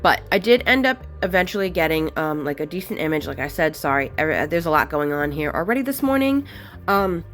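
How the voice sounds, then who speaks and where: A chatty young woman narrates her nail art session in a loose, rambling way, leaning on fillers and repeated words. Her pitch swings freely up and down, and soft music plays underneath her. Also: very animated, fairly quick. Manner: talks to her cat in a high squeaky voice. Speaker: nail art channel host. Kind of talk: casual chatty tutorial narration.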